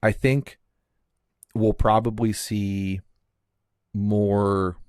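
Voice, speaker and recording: A man's voice: on the low side, flat delivery, extremely slow, darkish tone, clean tone, no room sound, studio quality. A man hosting a casual movie podcast, rambling with many restarts and filler words. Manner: rambling, heavy use of "like" and restarts. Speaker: podcast host.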